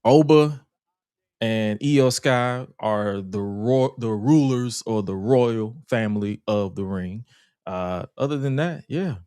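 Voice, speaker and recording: Male podcast host, low voice, relaxed banter, dry close-mic sound. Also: takes it slowly, clear, resonant tone, no room sound. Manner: laid-back, joking, laughs often. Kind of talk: casual podcast chat.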